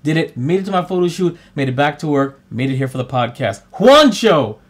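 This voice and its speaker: A man co-hosting a podcast, telling stories in casual, playful chat. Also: medium pitch. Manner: playful, quick storytelling. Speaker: podcast co-host.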